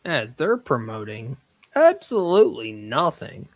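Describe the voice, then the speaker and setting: A man co-hosting a live watch-along show, chatting casually, halting and restarting his words. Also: medium pitch, huge pitch swings, no room sound. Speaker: co-host.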